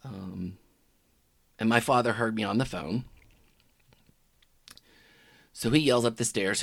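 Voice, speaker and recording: A middle-aged man telling a personal story in a halting, reflective way that often trails off quietly. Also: on the low side, vocal fry, dry recording. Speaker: podcaster telling his own story.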